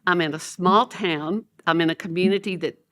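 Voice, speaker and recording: A woman, an educator and podcast guest, telling stories with lively energy, laughing often and acting out what people said. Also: fairly low pitch, moderate pace. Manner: animated, laughing storyteller who acts out quotes. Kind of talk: storytelling in a podcast interview.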